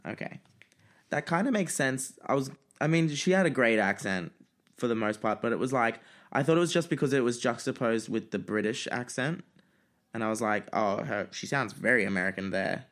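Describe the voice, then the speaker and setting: A young man co-hosting a podcast in relaxed, casual conversation. He sounds wry, laughs easily and drops the odd swear word. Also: medium pitch, normal speed. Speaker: podcast co-host. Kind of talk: casual chat.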